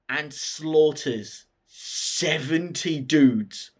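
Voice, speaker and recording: A man's voice: fairly high pitch, slightly rough. Profane man recapping a film. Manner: profane, excited storytelling. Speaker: film reviewer.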